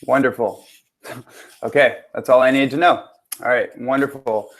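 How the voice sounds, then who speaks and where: A man's voice: medium pitch, fairly even intonation, moderate pace. Upbeat man hosting a live webinar. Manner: upbeat, repeatedly greeting and checking the audio. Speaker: transformation coach hosting a webinar.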